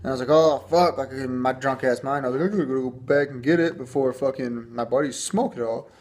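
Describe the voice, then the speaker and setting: A young man from Michigan rambles through a story for his vlog, swearing freely as he goes. His voice sits at an ordinary middle pitch, and he slips into the quoted lines of everyone in the story. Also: steady tone, fast, a little mellow. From Michigan, USA. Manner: profane, rambling, acts out the cops in a higher pitch. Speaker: vlogger. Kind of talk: casual storytelling monologue.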